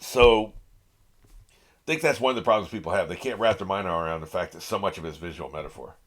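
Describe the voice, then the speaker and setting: A reaction channel host with a deep, slightly bright voice talks fast while commenting casually on an anime episode. He gets worked up, laughs a lot, and swears at the characters on screen.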